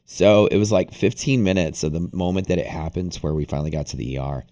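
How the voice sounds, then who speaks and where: A young man hosting a livestream, casually telling a long story to his audience, rambling and animated with lots of "like". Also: sits low, fast. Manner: rambling, animated, heavy use of "like". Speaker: day-trading livestream host.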